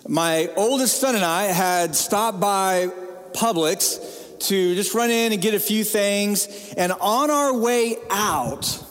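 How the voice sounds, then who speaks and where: A middle-aged man preaching a sermon as pastor, telling stories in an animated, humorous way. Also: high-pitched, slow. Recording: long reverb of a large hall.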